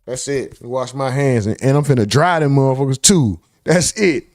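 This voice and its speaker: A man's voice: mid-range voice, moderate pace, darkish tone. A young man hosting a live reaction stream, reacting in disbelief, swearing and reading chat comments aloud.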